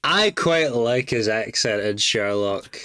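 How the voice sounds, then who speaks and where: A man co-hosting a casual podcast chat, teasing his friends in a deadpan way. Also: medium pitch, slow, smooth. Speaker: podcast co-host.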